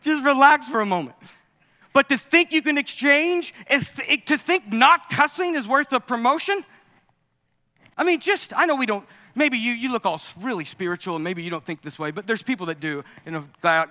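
A middle-aged man preaching a sermon as pastor, animated and acting out quoted voices. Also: very high voice, moderate pace. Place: church sanctuary. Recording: long hall reverb.

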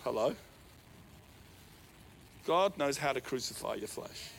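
A man preaching a sermon as pastor, animated, with sudden swings between loud, raised lines and quiet asides. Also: mid-range voice, slow, creaky, slight background noise.

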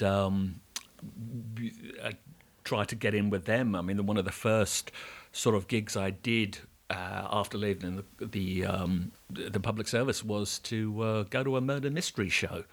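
A middle-aged man with an English accent, chatting casually as an interview guest, halting with many restarts and casual swearing. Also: lowish voice, steady tone, gravelly. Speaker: actor and guest.

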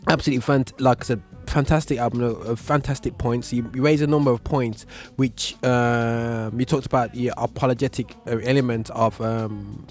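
A man with a Birmingham accent hosts a relaxed chat, talking in a loose, rambling way with slang. He laughs often as he goes. Faint music plays behind him. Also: medium pitch, moderate pace, few pauses. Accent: Birmingham English. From Birmingham, England. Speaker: show host. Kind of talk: casual interview chat.

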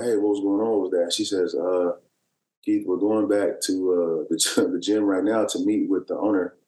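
A low-voiced man spins a loose, winding story as a podcast guest, leaning on fillers and false starts. His deep voice carries a roomy echo around it. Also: warm tone. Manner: rambling, filler-heavy storytelling with many restarts. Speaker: guest, basketball player. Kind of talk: casual storytelling.

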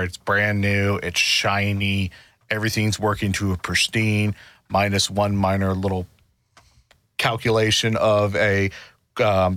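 A man's voice: fairly low pitch, sharp tone, dry recording. A man in a casual discussion, explaining his points at length with frequent restarts.

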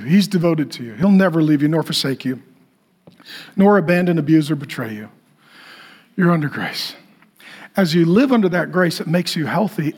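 Pastor, male, high voice, emphatic repetitive sermon delivery. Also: slightly rough. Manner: emphatic, repetitive preaching that swings from loud to hushed.

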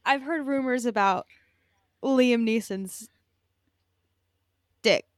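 Slightly high-voiced woman, hesitant and wry. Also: takes it slowly, dry recording, studio quality. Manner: hesitant, wry, filler-heavy. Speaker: podcast co-host. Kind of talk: casual chat.

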